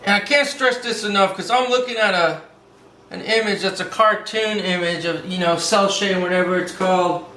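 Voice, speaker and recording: Playful high-voiced drawing teacher, a man. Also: moderate pace, pushed and bright, roomy sound, slight background noise, low-quality recording. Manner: upbeat, playful, calls things "baby", breaks into little sung bits. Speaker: drawing tutorial host. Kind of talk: casual step-by-step drawing lesson.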